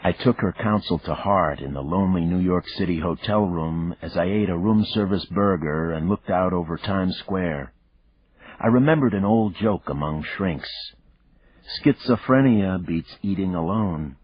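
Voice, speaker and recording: A man reading a thriller audiobook in the first person, measured and reflective. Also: sits low, slightly rough, dry recording. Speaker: audiobook narrator. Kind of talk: first-person scripted narration. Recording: dull lo-fi dry recording.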